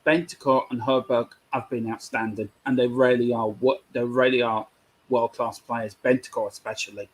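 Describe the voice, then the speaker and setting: A man with a husky voice, speaking as a guest in a casual fan chat. He is earnest and opinionated and sticks firmly to his views. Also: medium pitch, little pitch movement, normal speed, rough recording. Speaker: guest pundit.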